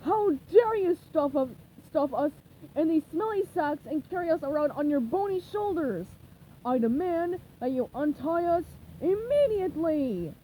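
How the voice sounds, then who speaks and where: A woman voicing a cranky male cartoon squid who snarls indignantly, pitched above her reading voice and loud. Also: huge pitch swings, moderate pace, hardly any pauses, slight background noise, full character voice, rough recording.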